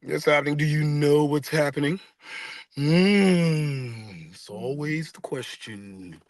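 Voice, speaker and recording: A man's voice: a little high, slow pace, a little mellow. A man leading a casual spiritual discussion and guided stretching, laid-back and slangy, swearing casually. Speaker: discussion leader.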